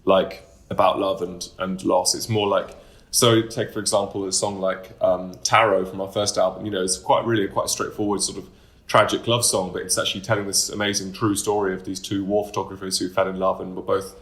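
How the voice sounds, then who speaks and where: Rambling man, lowish voice. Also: level tone, fairly quick, vocal fry, a bit bright. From United Kingdom. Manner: loose and rambling, many fillers and restarts. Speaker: band member, interview guest. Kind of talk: casual interview talk.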